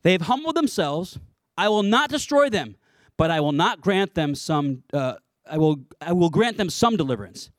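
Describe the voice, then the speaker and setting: Animated preaching man, high lively voice. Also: moderate pace, dry recording, clean studio sound. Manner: animated, conversational preaching with playful asides. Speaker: pastor. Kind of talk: sermon.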